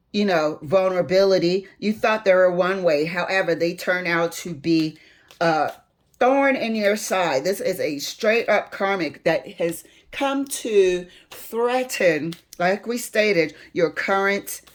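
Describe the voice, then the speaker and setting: A woman giving a tarot reading at an unhurried pace, her voice sitting on the lower side. She speaks to spirit as she turns each card and hammers her points with emphatic stress. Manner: emphatic, swings into heated outbursts; addresses spirit while drawing cards. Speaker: tarot reader.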